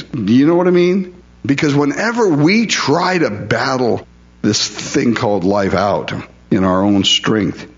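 A man's voice: mid-range voice, muffled recording. A male pastor preaching a conversational sermon, asking his listeners questions and confessing his own struggles.

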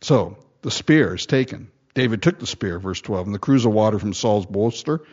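A man's voice: on the low side, normal speed. A man preaching verse by verse, reading old-style scripture aloud, acting out the lines and chuckling often. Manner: lively storytelling, reading King James verses and acting them out. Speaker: pastor. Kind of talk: verse-by-verse sermon. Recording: dull lo-fi recording.

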